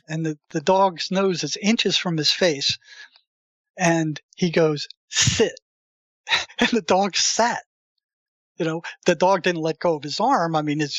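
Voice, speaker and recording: A man's voice: fairly high pitch, fairly bright tone, dry recording, highs cut off. A man telling a prison story in an interview, acting out the people he quotes, with frequent restarts. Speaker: interview guest.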